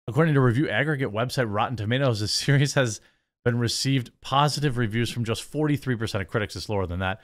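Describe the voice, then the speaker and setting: A man's voice: mid-range voice, fast. An American man hosting a commentary show, ranting in a sarcastic, dismissive and rambling way. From United States. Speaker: host. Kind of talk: commentary rant.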